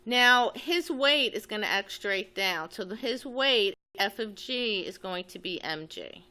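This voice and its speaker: A woman's voice: mid-range voice, animated, unhurried, sharp tone. A woman teaching physics, talking methodically through a problem as she writes and draws. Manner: methodical, thinks aloud while writing. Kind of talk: step-by-step physics lesson.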